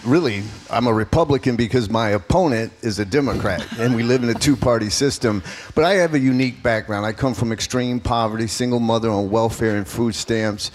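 A man's voice: medium pitch, a little fast, few pauses, slight background noise. A man in his fifties, an earnest and emphatic political candidate answering questions as a radio interview guest.

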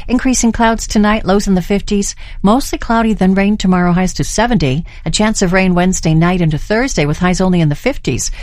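A woman reading local news and weather in a steady, even way. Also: mid-range voice, no room sound, clean studio sound. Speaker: local newscaster.

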